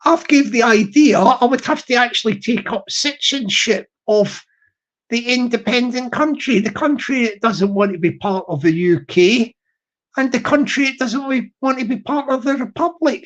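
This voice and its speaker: A man's voice: very high-pitched, animated. Rambling man, muffled audio. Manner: rambling, halting, repeats phrases. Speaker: livestream host. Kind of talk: rambling comic monologue to chat.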